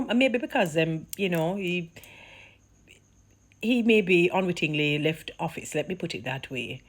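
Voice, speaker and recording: A woman from Jamaica with a Jamaican accent, chatting casually to her viewers, animated and laughing, slipping into Patois. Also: sits low, measured pace. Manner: animated, mixes Patois into chat, laughs often. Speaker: vlogger.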